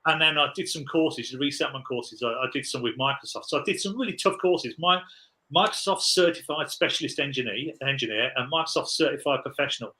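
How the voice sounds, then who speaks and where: A man's voice: medium pitch, expressive, a little fast, pushed and bright, poor audio. A man in his forties, a podcast guest, telling rambling, laughing anecdotes in casual chat.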